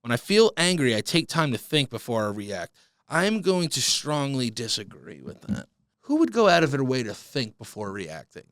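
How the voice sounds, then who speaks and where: A man riffs through his solo comedy podcast in a profane, mock-outraged rant. His pitch leaps around wildly and his tone is bright and edgy. The sound is dry and close to the mic. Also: no room sound. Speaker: podcast host.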